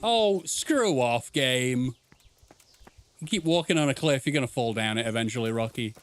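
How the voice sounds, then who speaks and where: A man's voice: mid-range voice, animated, normal speed, soft background music. A young man streaming a game, chatting casually and swearing, laughing at the chaos. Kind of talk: casual gameplay commentary.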